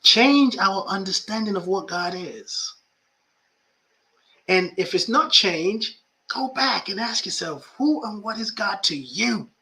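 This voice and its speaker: A man's voice: sits high, lively intonation, takes it slowly, bright, forceful tone. A man who is a life coach and podcast host, talking reflectively about spirituality and often repeating phrases for emphasis.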